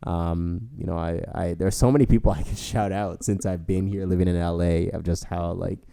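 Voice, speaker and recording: A man's voice: low voice, steady tone, moderate pace, vocal fry, mellow, smooth, no echo, clean studio sound. A young man co-hosting a podcast, telling stories in a rambling casual way with many fillers. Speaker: podcast co-host. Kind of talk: casual storytelling chat.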